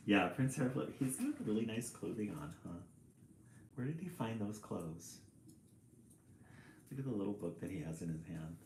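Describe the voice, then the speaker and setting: A man reading a picture book aloud on a livestream, chatty and quick to laugh, greeting viewers between pages. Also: medium pitch, a little hiss or hum. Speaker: storyteller and livestream host. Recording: roomy echo.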